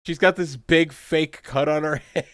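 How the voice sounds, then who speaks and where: A man's voice: a little high, steady tone, a little slow, clear, resonant tone, no room sound, clean studio sound. A man co-hosting a casual podcast, recapping a TV episode, laughing a lot and acting out characters' lines as jokes. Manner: laughs often, acts out characters' lines jokingly. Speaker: podcast co-host.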